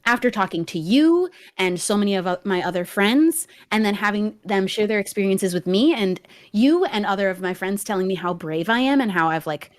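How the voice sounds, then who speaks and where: A young woman talks in a casual chat, firm and reflective as she lays out what she believes. Her voice sits at an ordinary middle pitch. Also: expressive, brisk, few pauses.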